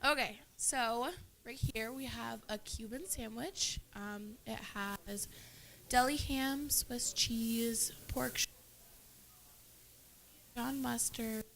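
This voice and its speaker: A woman's voice: fairly high pitch, slow, creaky, fairly bright tone, rough recording. A young woman presenting her team's dishes in a hesitant way, with many ums. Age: teens or young adult. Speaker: student cook presenting food.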